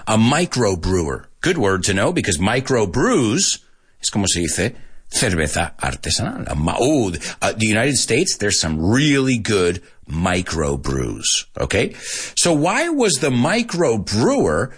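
A man's voice: lowish voice, wildly swooping pitch, unhurried, breathy edge. A man teaching English to Spanish speakers in a live online lesson. He tells jokes, laughs at his own punchlines and switches between English and Spanish.

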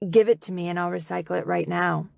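A woman reading the part of a confident, teasing teenage boy in an audiobook, lowering her voice a little for him. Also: steady tone, fast talker, gravelly, darkish tone, no echo, clean studio sound.

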